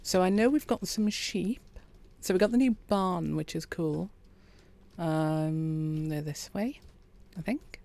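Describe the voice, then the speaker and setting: Calm woman streaming a game, soft and easygoing, a touch of vocal fry. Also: fairly low pitch, slow. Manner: quiet, relaxed, chats with viewers. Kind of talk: calm gameplay commentary.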